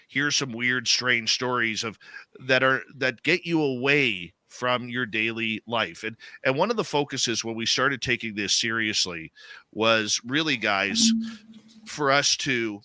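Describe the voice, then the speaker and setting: A Canadian man hosting live radio, his voice very bright and forward. He rambles in a loose, conversational way with plenty of fillers and restarts. The sound is dry and close, with almost no room echo. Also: mid-range voice. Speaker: radio host.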